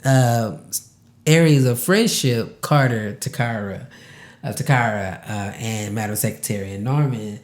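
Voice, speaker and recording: Man, podcast host, slow heartfelt talk, near tears, echoey room. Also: fairly low pitch. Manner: emotional, close to tears, laughing through it; casual, repeats words for emphasis.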